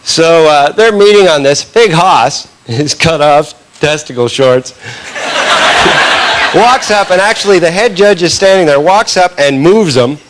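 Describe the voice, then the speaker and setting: A man from Canada doing a stand-up comedy set, telling stories and acting out the people in them with quick quoted lines. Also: on the high side, expressive. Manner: storytelling, acts out characters in quick quotes. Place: comedy club stage with audience laughter. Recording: live club recording with background noise.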